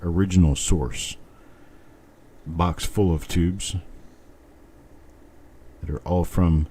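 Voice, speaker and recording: A middle-aged man hosts a casual live stream, rambling and thinking aloud as he talks. His voice is very deep and mellow, with a faint hiss of noise behind it. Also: fairly even intonation, slow. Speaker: host.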